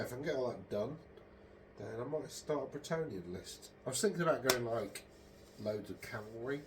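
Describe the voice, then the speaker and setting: A man's voice: medium pitch, a little hiss or hum. A man hosting a casual, meandering monologue, hesitant and full of ums and self-corrections. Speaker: podcast host.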